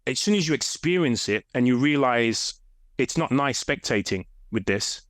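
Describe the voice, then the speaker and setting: A man's voice: mid-range voice, normal speed, dry recording, studio quality. A grown man, a fitness coach guest, telling stories in a casual interview and acting out the voices in them. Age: adult. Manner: animated storyteller, acts out voices in quotes.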